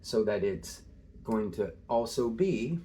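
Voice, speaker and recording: Casual male tutor, talks it through with fillers and chuckles, lively intonation. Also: lowish voice, slow. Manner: casual, thinking aloud with many fillers and small laughs. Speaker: Greek tutor. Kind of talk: informal screen-share lesson.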